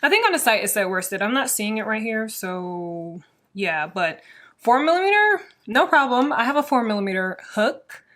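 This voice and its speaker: A woman hosting a casual crochet podcast, chatting to the camera in a rambling, excitable way with plenty of "like" fillers. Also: on the high side. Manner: excitable, quick to get worked up. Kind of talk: casual chat showing yarn to camera.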